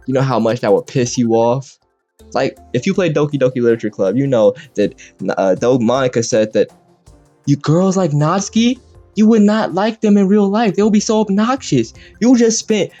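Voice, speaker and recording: Over gameplay, a young male content creator delivers a crude, exaggerated comedic rant, swearing often and switching between voices. His mid-range voice is warm with lively intonation at a normal speed, with no room sound, though the lo-fi mic sounds dull and faint music plays behind him.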